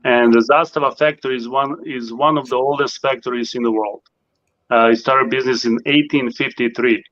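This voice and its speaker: Polite guy being interviewed, bright edgy voice, kinda muffled line. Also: medium pitch, steady tone, no room sound. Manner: polite, measured, formal phrasing. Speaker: guest, company owner. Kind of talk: interview answers.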